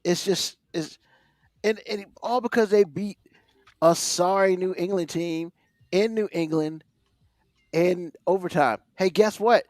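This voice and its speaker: A man's voice: high-pitched, a little slow, long pauses, no echo, studio quality. A man co-hosting a casual sports podcast, ranting animatedly and swearing freely. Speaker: podcast co-host.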